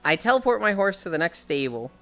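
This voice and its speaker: Bright, animated male streamer. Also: sits high, fast, faint music behind. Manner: rambling, exasperated, swears a lot. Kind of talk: casual chat on a live stream.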